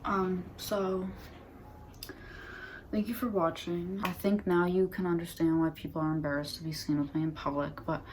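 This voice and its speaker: A woman's voice: lowish voice, flat delivery, moderate pace, a little mellow, a little hiss or hum. A woman in her twenties, a vlogger talking casually to her phone on a tripod at home, rambling with lots of "like" and sarcastic, profane asides. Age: 20s. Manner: chatty, frequent "like", sarcastic and profane. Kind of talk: casual rambling chat to camera.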